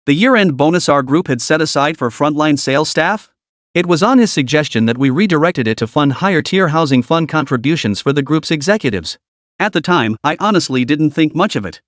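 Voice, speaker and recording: Brief: a stern male executive who snaps and scolds, played by a male narrator, lively pitch, dry close sound. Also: no room sound, natural voice. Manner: cold, commanding.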